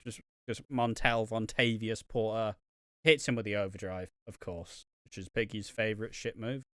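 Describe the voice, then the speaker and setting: Man, podcast co-host, sweary animated recap, dry close recording. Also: lowish voice, normal speed, no room sound. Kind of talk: casual chat.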